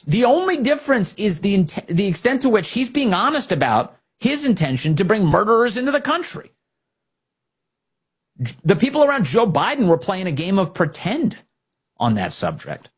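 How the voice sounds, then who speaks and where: A man hosting a political talk show, animated and sarcastic, often mocking opponents. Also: fairly high pitch, normal speed, slightly rough. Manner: animated, sarcastic, mocks opponents in put-on voices. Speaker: radio show host.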